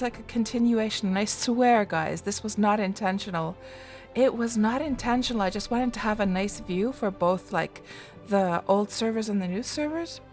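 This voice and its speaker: A woman hosting a casual game livestream, chatty and greeting viewers by name, her voice still groggy and rough from just waking up. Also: on the high side, a little mellow. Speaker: livestream host.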